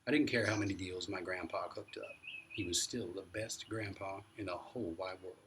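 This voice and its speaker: A man's voice: deep voice, normal speed. A man narrating a novel aloud in a plain storytelling manner. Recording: distant mic, steady noise, birdsong.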